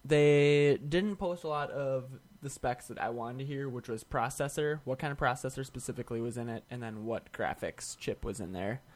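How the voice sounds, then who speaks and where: A man co-hosting a podcast, talking tech news in a relaxed, wry way with quick asides. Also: medium pitch. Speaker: podcast co-host. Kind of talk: casual tech chat.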